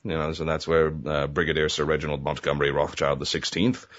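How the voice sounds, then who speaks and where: A man with a very deep voice, a web comedy creator, speaks quickly as a guest in a laid-back interview. He rambles with lots of "um" and "you know" and laughs readily. The audio is muffled and lo-fi.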